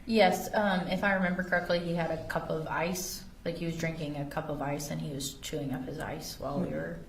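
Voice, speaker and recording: A woman's voice: low voice, steady tone, brisk, vocal fry, a little hiss or hum. A woman testifying as an investigator in a courtroom, carefully reading text messages aloud. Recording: echoey courtroom audio from far off.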